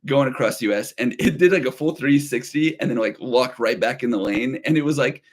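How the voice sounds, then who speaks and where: A man's voice: medium pitch, brisk. A man in his thirties co-hosting a casual livestream, chatty and rambling as he reads viewer comments aloud. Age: 30s. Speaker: livestream co-host.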